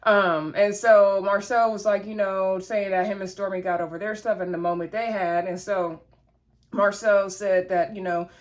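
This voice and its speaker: A woman's voice: mid-range voice, steady tone, normal speed. A woman, casually recapping a reality show episode in a chatty, gossipy way. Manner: chatty, gossipy, acts out the cast's lines.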